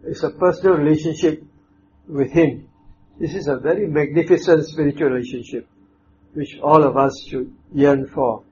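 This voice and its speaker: A man preaching a sermon, speaking in a measured, emphatic way with pauses and fillers. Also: on the high side, a little mellow, a little hiss or hum. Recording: dull lo-fi with faint ambience.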